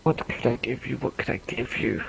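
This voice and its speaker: A man voicing a flamboyant woman magic shopkeeper who calls everyone darling in a drawn-out, sing-song way. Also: mid-range voice, gravelly, a little hiss or hum, poor audio. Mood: theatrical.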